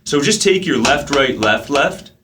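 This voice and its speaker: A man's voice: medium pitch, lively intonation, a little slow, noisy background. Casual male drum teacher counting beats. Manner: counts beats aloud while playing, casual with fillers. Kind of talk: relaxed instructional talk.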